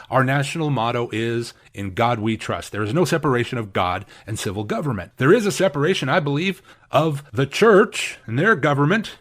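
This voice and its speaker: A man's voice: mid-range voice, fairly bright tone. A man preaching a sermon, emphatic and repeating key phrases for stress. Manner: acts out quoted speakers in shifted voices. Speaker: pastor.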